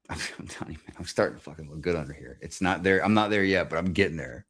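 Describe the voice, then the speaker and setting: A man's voice: low-pitched, fast talker, fairly bright tone, husky. A man hosting a livestream, ranting casually in a rambling way and swearing constantly. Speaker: livestream host. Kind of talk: profane casual rant.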